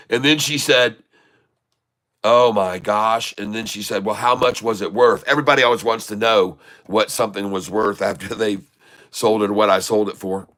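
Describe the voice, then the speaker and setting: A middle-aged man who hosts a trading channel casually tells rambling anecdotes, acting out quoted dialogue and laughing as he goes. His voice is on the low side and a bit bright, with fairly even intonation and a brisk pace.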